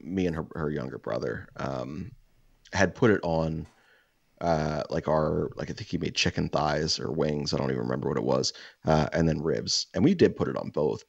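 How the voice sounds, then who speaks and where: A man with a very deep, gravelly voice rambles through a casual story, cursing freely and getting animated. His tone is husky and rough. The mic is dry and a little dull. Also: dry recording. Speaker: podcast co-host.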